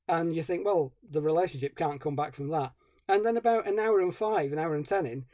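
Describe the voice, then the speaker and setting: This film podcast co-host has a fairly high-pitched voice with a dark tone. In a casual review, he sarcastically and wryly rants about a movie; the studio-quality recording has no room sound.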